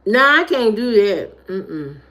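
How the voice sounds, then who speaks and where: A woman from Indiana with an Indiana accent, chatting casually on a livestream and telling stories with animated jumps in her voice; her high voice can sound youthful. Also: slow. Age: adult. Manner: animated storytelling, jumps high when retelling. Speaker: livestream host. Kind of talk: casual livestream chat reading comments.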